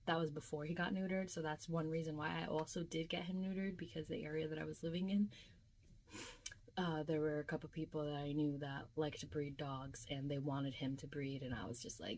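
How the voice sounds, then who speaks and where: A young woman with a slightly low voice recounts her dream in a casual vlog. She talks in a chatty, emotional way and fills her speech with filler words. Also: fairly even intonation, moderate pace, darkish tone. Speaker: vlogger.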